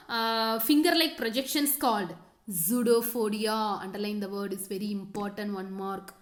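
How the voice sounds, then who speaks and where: A woman teacher with a fairly high voice leads a science lesson. She repeats her questions and key words, fills the gaps with "okay," and keeps telling students what to underline and draw. The sound is echoey, as if recorded in a roomy space. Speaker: school teacher.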